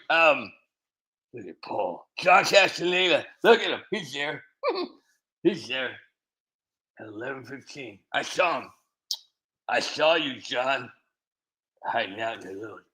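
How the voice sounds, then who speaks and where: A man's medium-pitched voice with a sharp tone comes through a low-quality recording. He's the host of a casual livestream, a little tipsy from wine, reading out viewers' names with rambling jokes and frequent laughter.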